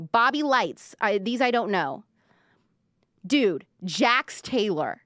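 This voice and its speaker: A young woman hosts a pop-culture livestream, gossiping in a loose, chatty way and leaning on "like" as she goes. Her medium-pitched voice sits close and dry to the mic, with no room sound. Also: sing-song, slow, fairly bright tone, no room sound. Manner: chatty, gossipy, heavy use of "like", reads viewer comments aloud. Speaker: livestream show host.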